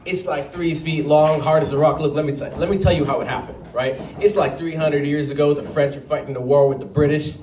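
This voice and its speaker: A man telling animated stand-up stories at an open mic night, full of quick asides. His voice sits a little high. He sounds set back from the mic in a roomy venue with a faint hum behind him. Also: distant mic. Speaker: stand-up comedian.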